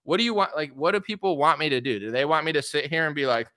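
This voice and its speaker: A man's voice: fairly high pitch, fast talker, dry recording, clean studio sound. A young man giving political commentary on a livestream, ranting with sarcasm and mockery. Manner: sarcastic, mocking, animated ranting.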